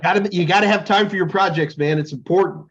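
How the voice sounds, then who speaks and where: A man's voice: sits high, fast, dull audio. A middle-aged man co-hosting a casual chat, rambling and joking as he tells stories. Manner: rambling, jokey, animated storytelling. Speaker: podcast co-host.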